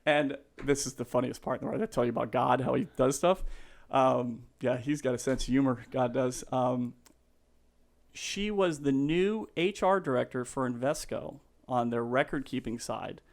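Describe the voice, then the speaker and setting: A man's voice: medium pitch, normal speed, vocal fry. A man in his fifties, a realtor telling stories as a podcast guest in a rambling, laughing way with many fillers and restarts. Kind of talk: casual storytelling.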